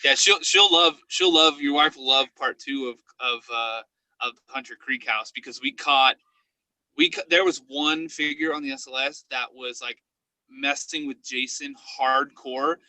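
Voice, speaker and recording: A man guesting on a podcast as a paranormal investigator, telling stories in a casual chat and acting out quotes in an excited high voice. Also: measured pace, dry recording, poor audio.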